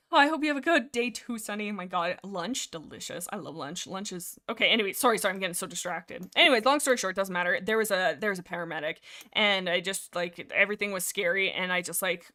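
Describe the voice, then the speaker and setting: A woman's voice: medium pitch, bright, forceful tone. Young woman livestreaming, rambly chat, keeps getting sidetracked and talking to chat. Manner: rambling, easily distracted, reads chat aloud. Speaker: livestream host. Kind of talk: casual chat.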